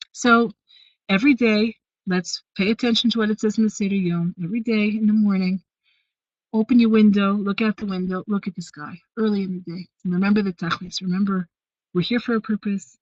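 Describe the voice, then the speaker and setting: A woman's voice: mid-range voice, steady tone, fairly quick, dry recording. A woman teaching a weekly women's class, retelling a Hasidic story with frequent fillers and restarts. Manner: storytelling with many fillers and restarts, warm asides. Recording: dry, dull lo-fi sound.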